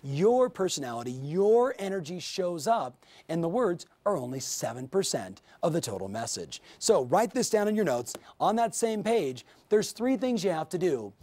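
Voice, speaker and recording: A middle-aged man leads a sales training session for real estate agents, speaking with energetic, coaching drive. His voice sits a bit high and swings widely as he acts out sample dialogues with clients. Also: moderate pace, hardly any pauses. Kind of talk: training video lecture.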